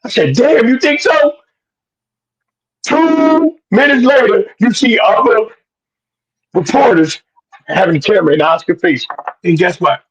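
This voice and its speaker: A man co-hosting a boxing podcast, loud and preachy, full of slang, sometimes shouting. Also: high voice, expressive, moderate pace, breathy edge, poor audio. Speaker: podcast co-host. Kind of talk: animated boxing talk.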